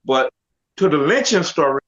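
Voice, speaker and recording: A man telling his life story with animated storytelling, casually acting out the other people's voices with slang. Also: on the high side, moderate pace. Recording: dull lo-fi sound.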